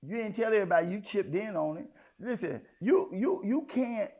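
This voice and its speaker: A man preaching a sermon in a folksy, conversational way, swinging between hushed asides and loud outbursts. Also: high-pitched, animated, normal speed. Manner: folksy, addresses congregation as y'all, child, honey. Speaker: apostle preaching.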